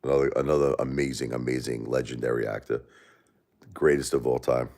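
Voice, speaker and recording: A man's voice: very deep voice, steady tone, brisk, vocal fry, darkish tone. A middle-aged man hosting a livestream, rambling casually and profanely while joking with his chat. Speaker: livestream host.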